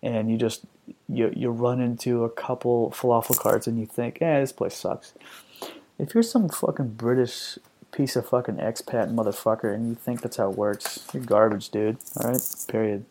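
A man's voice: medium pitch, moderate pace, darkish tone, a little hiss or hum. A man in his thirties hosting a podcast, reacting to reviews in a profane, sarcastic, ranting way. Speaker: podcast host. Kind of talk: comedic ranting commentary.

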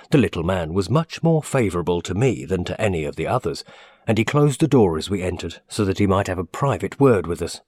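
A man reading a classic story aloud in the first person, measured and expressive. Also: low-pitched, no echo, studio quality. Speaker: audiobook narrator.

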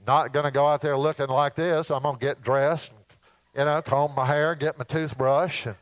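A man preaching a sermon in a folksy, animated storytelling way, acting out asides and mimicking sounds. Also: fairly high pitch, moderate pace, no echo, rough recording. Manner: mimics alarm beeps and announcements.

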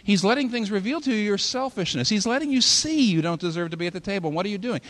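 A pastor preaching a sermon in a hall, with animated delivery that rises and falls sharply for emphasis. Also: male voice, high voice, fast, few pauses.

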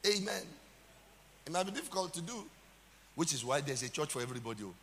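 A man's voice: a little high, sing-song, fast talker, sharp tone, in a large hall, a little hiss or hum. A man with a Nigerian accent, a pastor preaching a sermon with dramatic emphasis and calls out to the congregation.

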